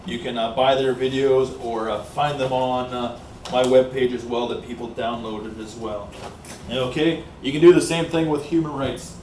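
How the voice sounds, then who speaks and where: A man's voice: medium pitch, steady tone, a little mellow, distant mic. A man from Canada talks in a loose, rambling monologue, leaning on "like I said" and "uh" as he goes. He's winded from exercise. The sound is roomy and off-mic, with a faint hiss underneath. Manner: rambling, repeats "like I said", pauses with fillers. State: out of breath from exercising. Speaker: vlogger. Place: small warm room indoors.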